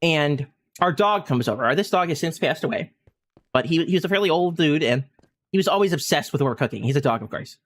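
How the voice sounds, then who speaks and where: A male streamer spins a funny anecdote in an easy, chatty way. His pitch swings high and low as he tells it. He keeps slipping into bursts of laughter. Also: fairly quick, a little hiss or hum. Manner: animated anecdote-telling, often breaking into laughter. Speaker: gaming streamer. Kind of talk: casual storytelling while streaming.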